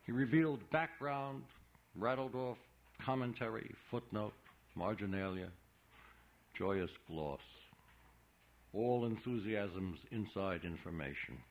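A man narrating a novel in a measured, deliberate reading. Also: lowish voice, animated, poor audio. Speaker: audiobook narrator. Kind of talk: scripted narration.

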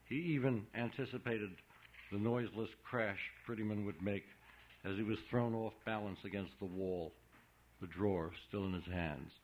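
A man narrating a literary audiobook in a measured, subdued reading. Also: lowish voice, a little hiss or hum. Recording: dull lo-fi recording.

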